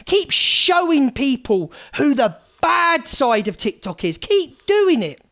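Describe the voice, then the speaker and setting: A woman hosting a live stream, ranting scathingly at rivals, mocking them and swinging from loud outbursts to low mutters. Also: very animated, slow. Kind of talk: heated live-stream rant.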